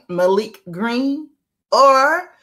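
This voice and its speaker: A woman's voice: fairly high pitch, expressive, very slow, pushed and bright. A woman from Atlanta with a Southern accent, hosting a casual interview, playful and laughing often. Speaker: host.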